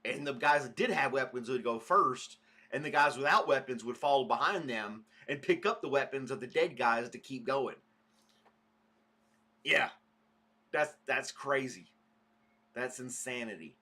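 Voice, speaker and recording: Guy rambling on his morning stream, bright voice, medium pitch, talks to chat by name. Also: animated, a little slow, long pauses, husky. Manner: rambling, chatty, greets viewers by name. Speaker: podcast host. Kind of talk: casual morning livestream chat.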